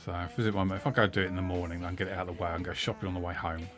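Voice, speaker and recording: A man's voice: deep voice, flat delivery, racing. A middle-aged man streaming a game, telling a rambling, profane story with many fillers. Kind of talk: casual storytelling while gaming. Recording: game music behind the voice. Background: game music.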